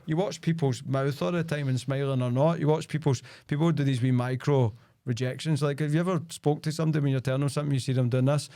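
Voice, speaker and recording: A man's voice: medium pitch, fairly even intonation, quick pace, mellow, dry recording, studio quality. A middle-aged Scottish man, a sales expert guest, talking in a casual podcast conversation and telling stories full of "like" and "right?". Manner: chatty storyteller, peppered with "like" and "right?".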